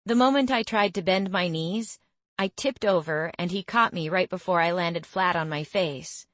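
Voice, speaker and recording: A young woman reads a first-person fantasy audiobook with wry, expressive delivery. Her voice sits a little low for a woman, recorded close and very dry. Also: normal speed, no room sound. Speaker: audiobook narrator. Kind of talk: first-person scripted narration.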